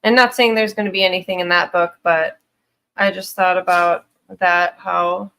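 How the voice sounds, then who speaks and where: A woman's voice: fairly low pitch, steady tone, normal speed, fairly bright tone, clean tone. Chatty woman co-hosting a podcast. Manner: chatty, hesitant, trailing off. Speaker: podcast co-host. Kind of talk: casual podcast chat.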